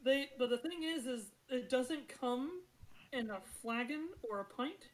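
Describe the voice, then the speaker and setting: Woman game master narrating brightly. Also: high-pitched, unhurried, poor audio. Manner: chatty, laughs through descriptions.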